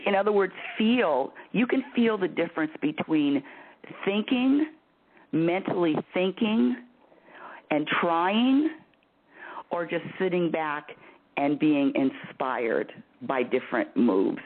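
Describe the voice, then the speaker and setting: A woman hosts a spiritual call-in talk, her pitch swinging up and down as she goes. She laughs easily and circles back over her words. The sound is thin and phone-like. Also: slow pace. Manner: animated, laughing, repeats words. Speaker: spiritual talk show host. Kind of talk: phone-in radio advice chat. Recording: tinny phone line.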